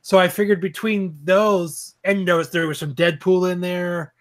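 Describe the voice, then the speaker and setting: A man's voice: high-pitched, fairly even intonation, moderate pace. A man co-hosting a podcast, telling a story in casual, profanity-laced chat. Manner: swears freely while telling stories. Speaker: podcast co-host.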